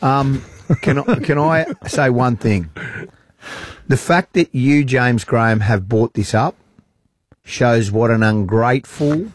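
A man's voice: medium pitch, slow, slight background noise. An Australian man co-hosting a radio show, bantering and defensively protesting while talking over the others. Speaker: radio host.

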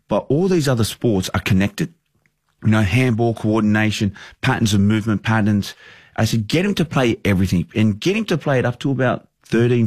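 Brief: Australian football manager around 30, low voice, close dry sound, earnest rambler. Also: male voice, breathy edge, dry recording. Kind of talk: casual podcast interview.

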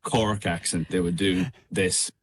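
A young man with a midlands Irish accent, chatting casually as a radio guest over a remote call, easygoing with frequent ums and quick laughs. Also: sits low, fairly even intonation, slightly rough. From Ireland. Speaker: guest singer.

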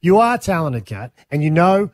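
Brief: teasing radio co-host, lively pitch swings, dry close sound. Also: male voice, normal speed, dry recording. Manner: teasing, jokey, excitable. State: tired from no sleep. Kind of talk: casual breakfast radio banter.

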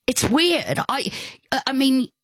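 An older woman, telling a personal story in conversation, halting, with frequent restarts and asides. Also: sits high, animated, fairly bright tone, no room sound. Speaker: guest.

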